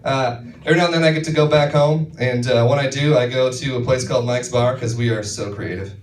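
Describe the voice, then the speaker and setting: Deadpan stand-up man in an echoey club. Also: medium pitch, brisk. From northern Minnesota. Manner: deadpan storytelling, acts out quoted voices. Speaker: stand-up comedian. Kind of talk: stand-up comedy set. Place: comedy club stage with a live audience. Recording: echoey club, far-off mic, audience noise.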